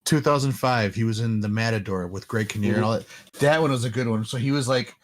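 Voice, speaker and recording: A man's voice: medium pitch, fast talker. A man co-hosting a casual podcast chat, rambling with many fillers and restarts. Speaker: podcast co-host.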